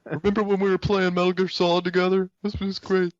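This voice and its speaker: A man's voice: high voice, flat delivery, quick pace, dry recording. A man co-hosting a gaming podcast, talking easily and rambling, often poking fun at himself. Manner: easygoing, self-deprecating, rambling with fillers. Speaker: podcast co-host. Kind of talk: casual gaming podcast chat. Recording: dull, dry podcast audio.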